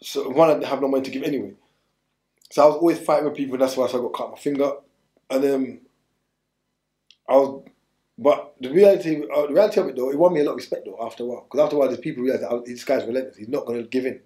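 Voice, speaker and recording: A man's voice: medium pitch, racing, pauses often, mellow. A man from England, telling his story as an interview guest in streetwise slang, urgent and repetitive. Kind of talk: candid storytelling. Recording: echoey room.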